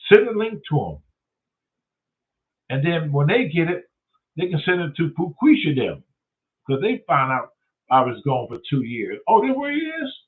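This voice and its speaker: A man's voice: fairly high pitch, sing-song, measured pace, long pauses, distant mic. A man hosting his own show, swearing constantly and retelling Bible stories in street talk. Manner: swears constantly, acts out characters in voices. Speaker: host. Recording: tinny phone-like sound, voice off-mic.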